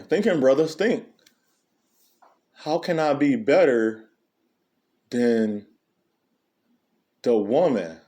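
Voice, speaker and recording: A man, delivering an unscripted monologue in a preachy way, full of rhetorical questions and animated storytelling. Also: mid-range voice. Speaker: commentary channel host.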